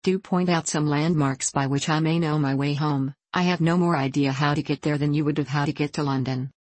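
Woman voicing an indignant gentleman. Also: sits low, steady tone, brisk, no room sound. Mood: pleading. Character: haughty, indignant gentleman tenant. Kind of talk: audiobook reading.

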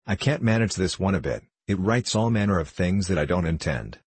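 A man's voice: low-pitched, expressive, brisk, slightly rough, no room sound. A man reading the lines of a timid, sulky little chess king in a storybook, fretful and peevish.

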